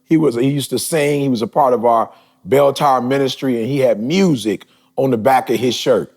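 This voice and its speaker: A man in his forties hosting a podcast, talking casually and emphatically, his voice building toward shouts. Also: medium pitch, moderate pace. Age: 40s. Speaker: podcast host.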